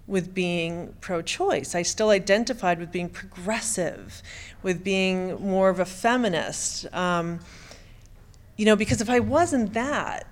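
Halting middle-aged woman telling her story. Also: mid-range voice. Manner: halting, with frequent stammered restarts. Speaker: speaker giving personal testimony. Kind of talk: emotional personal testimony.

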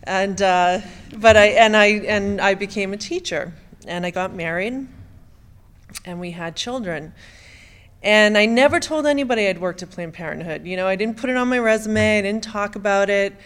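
A middle-aged woman from the United States recounts her own story as a testimony. She speaks haltingly, stammering and restarting her phrases. Her voice sits at an ordinary middle pitch for a woman. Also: clear, resonant tone. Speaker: speaker giving personal testimony. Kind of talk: emotional personal testimony.

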